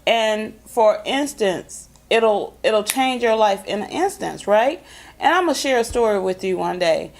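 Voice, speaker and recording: A woman vlog host talks to camera in a casual, folksy chat. Her mid-range voice is expressive, and she's chatty, drawing out words for emphasis.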